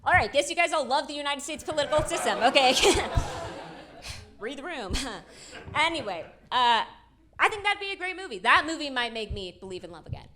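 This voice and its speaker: A young woman performing a self-deprecating stand-up comedy set on stage, with quick asides to the crowd. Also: high-pitched, very animated, pushed and bright. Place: comedy stage with live audience. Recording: live show with clear background noise.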